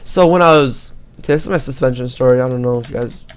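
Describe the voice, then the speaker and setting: A man's voice: mid-range voice, quick pace, clear, resonant tone. A teenage boy gaming YouTuber telling a school story over gameplay, rambling and swearing a lot.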